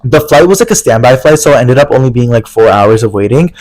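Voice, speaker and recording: A young man in his twenties, co-hosting a casual podcast and telling an animated story full of "like" and "literally". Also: mid-range voice, quick pace, no room sound, low-quality recording. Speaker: podcast co-host. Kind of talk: casual chat.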